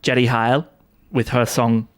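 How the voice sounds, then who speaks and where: A man's voice: mid-range voice, flat delivery, measured pace, smooth. Mid-voiced male co-host, gushing and blunt, casual swearing. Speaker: podcast co-host. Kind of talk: casual chat.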